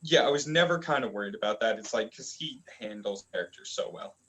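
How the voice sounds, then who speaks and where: A man's voice: mid-range voice, expressive, brisk, a bit bright, rough recording. A man casually recapping manga chapters as a reviewer, rambling with lots of fillers. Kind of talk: casual chat.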